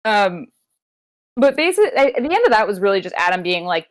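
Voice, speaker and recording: A woman's voice: medium pitch, very animated, normal speed. A woman co-hosting a podcast, bantering sarcastically and swearing as she mocks what she watched. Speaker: podcast co-host. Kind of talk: casual banter.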